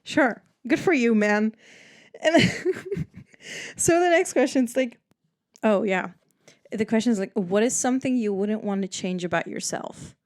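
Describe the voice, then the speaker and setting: A woman's voice: a little high, lively intonation, unhurried, a little mellow. A young woman from the Netherlands hosting a solo podcast, chatting casually and rambling with lots of "like" and frequent laughter. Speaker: podcast host.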